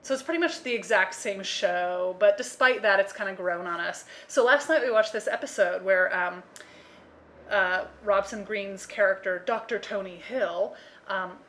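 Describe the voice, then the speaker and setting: A woman's voice: mid-range voice, normal speed, a bit bright, a little hiss or hum. An American woman co-hosting a podcast in loose, casual chat. She talks in a mid-range voice, fills her sentences with ums and likes, and now and then acts out a quoted voice. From United States. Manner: chatty, lots of fillers, acts out quoted voices. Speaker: podcast co-host.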